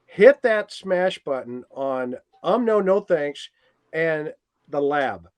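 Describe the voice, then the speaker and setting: A man's voice: a little high, animated, slow pace. A man appearing as a guest on a livestream, thanking the hosts and eagerly urging viewers to subscribe. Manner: eager, hyping up the audience. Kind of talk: casual livestream chat.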